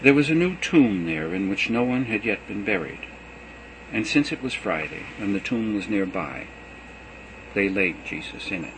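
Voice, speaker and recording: A man giving an expressive, dramatic reading of scripture. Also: lowish voice, normal speed, a little hiss or hum, rough recording. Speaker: scripture reader.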